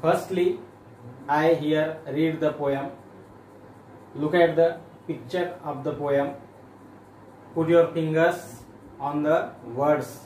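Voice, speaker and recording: A male school teacher from India slowly explaining a children's poem line by line, repeating himself with fillers. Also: a little high, steady tone, a little mellow. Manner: slow, repetitive explaining with fillers. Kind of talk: classroom lesson explaining a poem. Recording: echoey room, distant mic, faint noise.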